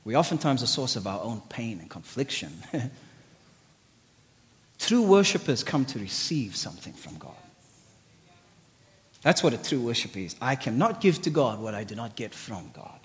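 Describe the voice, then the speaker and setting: A man preaching an energetic sermon. He swings from shouted exclamations to low, intimate asides. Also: normal speed, pauses often, long reverb tail.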